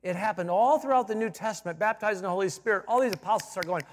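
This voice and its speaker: A high-pitched male pastor preaches in a church, and his voice rings with a long reverb. He drops to quiet asides, then builds to loud emphatic points and repeats key phrases for effect. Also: quick pace, a little hiss or hum. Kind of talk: sermon. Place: church sanctuary.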